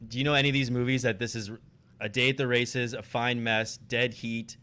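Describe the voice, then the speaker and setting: A man's voice: medium pitch, flat delivery, a little fast, bright, forceful tone, clear, resonant tone. A man hosting a tabletop game stream, chatting casually and reading setting text aloud. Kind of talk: casual chat.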